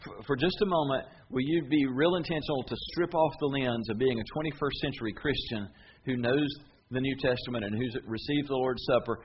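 A pastor preaching in a folksy, conversational style, a mid-pitched man's voice. The recording is slightly dull, with faint ambience behind. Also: fairly quick, slight background noise. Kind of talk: sermon.

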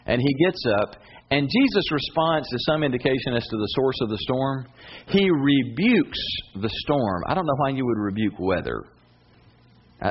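A man preaching a sermon, telling a story with animated swings between high emphatic bursts and low intense asides. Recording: dull lo-fi sound with faint hiss.

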